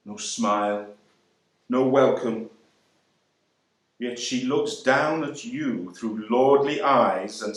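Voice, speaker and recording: A man reading a dramatic monologue as a young ex-serviceman, wry and speaking straight to the listener. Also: mid-range voice. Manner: wry, conversational address to the listener. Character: young male ex-serviceman, wry, proud, disillusioned. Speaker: actor reading a novel monologue. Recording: roomy echo.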